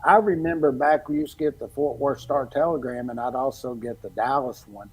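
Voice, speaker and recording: A middle-aged man from Texas, co-hosting a casual sports chat and telling animated stories about football drafts. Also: mid-range voice, a little fast, rough recording. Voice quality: gravelly, husky. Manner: animated storyteller, quotes others in lively bursts. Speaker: podcast co-host.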